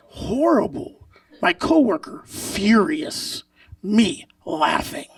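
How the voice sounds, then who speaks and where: A brash male stand-up comic working a live stage, loud and profane, often laughing at his own material. His voice sits very high with a gravelly edge. He sounds set back from the mic. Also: lively intonation, moderate pace, recorded from a distance. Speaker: stand-up comedian. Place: comedy stage before a live audience.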